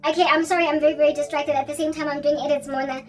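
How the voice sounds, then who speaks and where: A woman's voice: high-pitched, flat delivery, very fast, recorded from a distance, soft background music. A woman rambling animatedly in a casual vlog chat, now and then breaking into snatches of song. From South Africa. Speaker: Christian vlogger.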